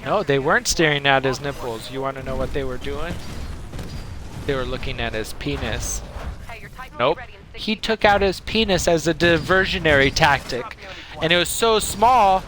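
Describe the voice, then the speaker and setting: A man streams a video game while telling a rambling made-up story, slipping in quick voices for the people in it. His voice sits a little high and stays animated throughout. Game gunfire and ambience come through clearly behind him. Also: noisy background. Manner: animated, jumps between voices and laughs. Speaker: gaming streamer.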